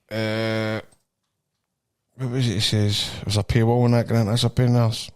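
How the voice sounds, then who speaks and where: A man's voice: on the low side, level tone, a little slow, a little mellow, smooth. A Scottish man hosting a podcast, telling rambling, swearing stories in casual banter with lots of laughing. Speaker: podcast host.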